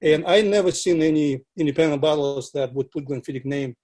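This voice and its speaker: A man who is a non-native English speaker, chatting casually about whisky in a halting way with many restarts. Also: on the high side, background noise. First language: not English. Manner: halting, with frequent restarts and filler. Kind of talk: casual conversation.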